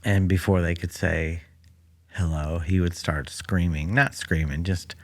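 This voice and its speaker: A man with a deep voice and fairly even intonation speaks at a measured pace, hosting his own podcast alone in a library room. It's a casual comedic monologue, dry and rambling with many fillers, captured on a studio mic that picks up the room.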